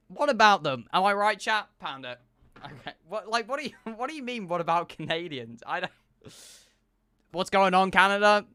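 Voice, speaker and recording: A man's voice: sits high, no echo. A young man, a streamer, chatting casually and joking back and forth with his live chat. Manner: animated, joking banter with chat.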